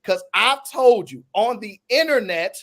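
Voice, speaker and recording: A man hosting a podcast, arguing his point in a casual, animated debate. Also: sits high, unhurried. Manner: animated, argumentative, drawling. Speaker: podcast host.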